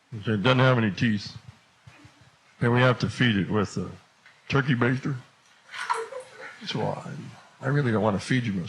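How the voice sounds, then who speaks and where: A man telling a comic story to an audience, acting out every exchange and rising to shouts as it builds. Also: medium pitch, breathy edge, rough recording. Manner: animated, acts out the dialogue, voice rising to shouts at the climax.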